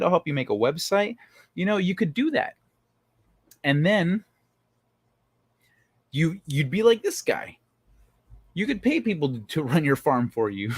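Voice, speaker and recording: A man with a slightly high voice streams with studio-quality sound and no echo. Reading viewer comments in a casual livestream, he keeps things loose, swears freely and jokes with chat.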